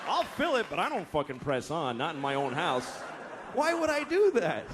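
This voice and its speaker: A married man doing stand-up on a comedy stage, his voice fairly high for a man and swooping hugely from mutter to outburst. He rants in an exasperated way. Some audience and a light noise sit behind him. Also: huge pitch swings, moderate pace, a crowd in the background. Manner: exasperated rants swinging from low mutter to loud. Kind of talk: stand-up routine.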